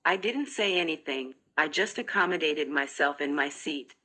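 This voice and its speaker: Bright low-voiced woman narrating an audiobook. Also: animated, moderate pace. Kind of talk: first-person audiobook narration.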